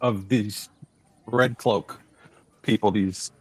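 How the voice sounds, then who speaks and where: A man playing in a tabletop game, describing his character's moves haltingly as he thinks aloud. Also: lowish voice, steady tone. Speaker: player. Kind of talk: tabletop role-play.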